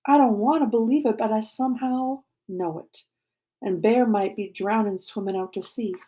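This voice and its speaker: A woman reading a novel aloud to a class, expressive and dramatic, sometimes dropping to a hushed voice. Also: on the high side, normal speed. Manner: expressive, dramatic, drops to a hushed voice for tense moments.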